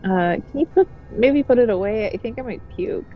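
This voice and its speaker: A woman co-player reading a character's lines and dropping short deadpan reactions, on a dull, muffled mic. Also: on the high side, moderate pace, soft background music. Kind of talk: casual game play-along.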